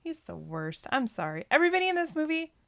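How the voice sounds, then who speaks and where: A woman's voice: high voice, sing-song, fast talker, vocal fry, fairly bright tone. Chatty exasperated woman podcast host. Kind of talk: casual movie-review chat.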